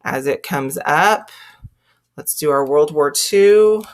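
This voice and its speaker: A woman's voice: sits low, slow pace. A woman with a Texas accent teaching a screen-recorded tutorial, chatting step by step through each click. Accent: Texan.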